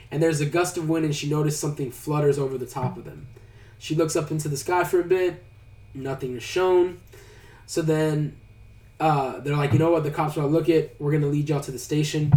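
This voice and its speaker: A man's voice: a little high, moderate pace. A man, casually retelling a movie plot and acting out the characters' lines. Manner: animated storyteller who acts out characters' lines. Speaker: podcast co-host recapping a movie. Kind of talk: casual chat. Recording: roomy, from a distance.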